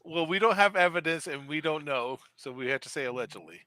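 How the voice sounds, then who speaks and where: A man's voice: fairly high pitch, a little fast, sharp tone, dry recording. A man co-hosting a casual chat show, teasing his partner and laughing often. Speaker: podcast co-host.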